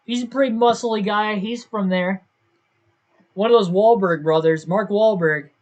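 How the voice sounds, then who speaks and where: Young male gaming streamer, casual and self-doubting, a bit higher-pitched than most men, on a desk mic. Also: unhurried, a little mellow, muffled recording. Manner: thinks aloud, second-guesses himself. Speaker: gaming livestreamer. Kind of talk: casual livestream commentary.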